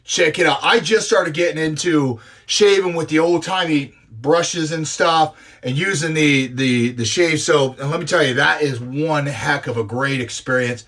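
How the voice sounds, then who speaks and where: A man in his forties chatting excitedly through an impromptu live unboxing, gushing and talking with many fillers. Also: fairly high pitch, unhurried, hardly any pauses. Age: 40s. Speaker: live streamer unboxing grooming products.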